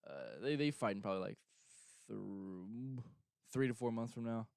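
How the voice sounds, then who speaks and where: A man's voice: mid-range voice, big pitch swings, fast talker, gravelly, smooth, no room sound, clean studio sound. Young male host, casual rambling chat, filler-heavy, clean voice with no room sound. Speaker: show host.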